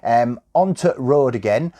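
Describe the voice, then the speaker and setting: A man's voice: mid-range voice, animated, a little slow, mellow. A man from Coventry with a Midlands accent, chatting casually as a channel host, self-deprecating and full of ums and restarts. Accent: Coventry, English Midlands. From Coventry, English Midlands. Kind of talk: casual chat answering viewer questions.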